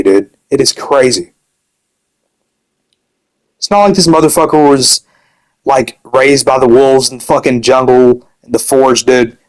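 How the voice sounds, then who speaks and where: Heard through poor audio, this young man speaks in a mid-range voice. He's angrily venting about another person in his gaming circle, with nonstop swearing and endless repetitions of "dude."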